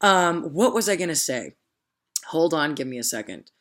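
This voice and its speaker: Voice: mid-range voice, sing-song, normal speed, a bit bright. A vlogger giving a casual opinion rant to viewers. The talk is rambling and emphatic, often loses the thread, and keeps checking in with "okay?". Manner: addresses viewers directly with repeated "okay?". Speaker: political commentator vlogger.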